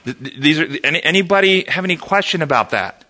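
Animated man leading a Bible class. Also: a little high, fast talker. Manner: animated, asks the class questions. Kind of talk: interactive Bible study lesson.

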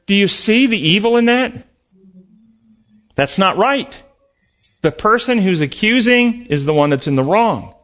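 Male preacher delivering an earnest, emphatic sermon; voice sits a little high. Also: normal speed, fairly bright tone. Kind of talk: sermon with closing prayer.

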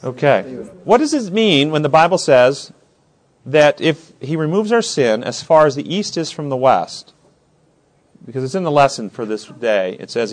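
A man leads a Bible study class with a fairly high voice. His pitch rises and falls all the time. He quizzes the group and acts out the stories he describes. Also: normal speed. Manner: questioning, animated, acts out scenes.

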